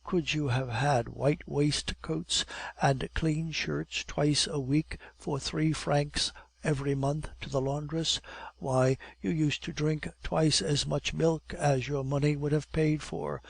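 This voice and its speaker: A devoted young woman, loving and a little cunning, as read by a man. Her voice is low and gravelly, recorded dry and close. The telling is gentle and earnest, an audiobook read with scarcely any change of voice. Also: fairly even intonation, slow pace, no echo, full character voice. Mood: tender. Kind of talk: audiobook reading.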